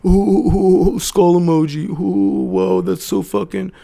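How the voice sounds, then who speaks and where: A man's voice: high voice, fairly even intonation, a little slow, vocal fry, dark tone, voice pushed up, heavily acted. A man mockingly putting on an overexcited teenage boy who oohs and sneers. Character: mocking teen boy acting overly amused.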